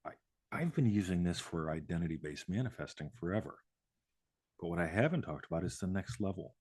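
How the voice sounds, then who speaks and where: A man's voice: low voice, lively intonation, fairly quick, darkish tone, husky, dry recording, studio quality. A man hosting a live show, talking casually in a rambling way, swearing and laughing often. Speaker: host.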